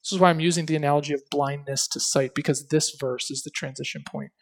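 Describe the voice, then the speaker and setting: A man's voice: on the high side, quick pace, hardly any pauses. Earnest male preacher expounding scripture. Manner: earnest expository preaching, rhetorical questions, dramatic scripture reading. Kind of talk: sermon.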